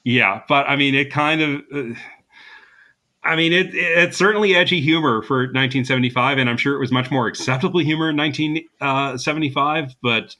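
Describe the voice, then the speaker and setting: A man's voice: mid-range voice, brisk, bright, forceful tone. A man co-hosting a casual podcast, chatting with plenty of fillers and easy laughs. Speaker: podcast co-host.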